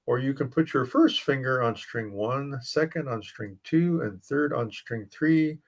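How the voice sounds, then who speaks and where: A man's voice: medium pitch, a little slow, low-quality recording. A man teaching a ukulele class, patiently counting beats aloud while he plays. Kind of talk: ukulele lesson. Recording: loud ukulele under voice. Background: ukulele strumming.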